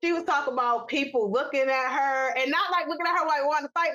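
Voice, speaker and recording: A woman from New York, a podcast co-host, telling a lively, profane family story in casual chat. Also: sits high, fast talker. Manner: animated, profane, quoting others in voices.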